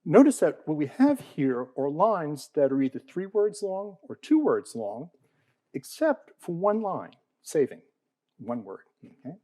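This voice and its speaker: Lively mellow-voiced man lecturing. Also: on the high side, measured pace, dry recording, rough recording. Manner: checks in with frequent "okay?" and "all right?"; asks the audience questions. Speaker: panel speaker on poetry. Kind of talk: explanatory lecture to an audience.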